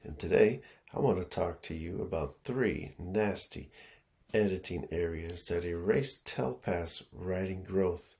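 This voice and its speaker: A man's voice: sits low, measured pace, gravelly. A man working as an education consultant, giving a casual teaching talk to schools and checking in often with "okay?" and "right?". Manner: relaxed, repeats himself, lots of fillers and "okay?" checks.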